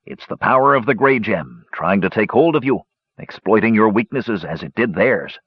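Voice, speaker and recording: Wise old dwarf, voiced by a male narrator: low, soft and unhurried, dry lo-fi sound. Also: expressive, husky, dry recording. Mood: steady.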